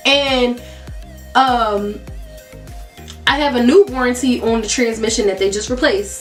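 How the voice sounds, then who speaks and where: A young woman vlogger telling a casual storytime to her viewers, animated and exasperated, often calling them y'all. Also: on the high side, distant mic.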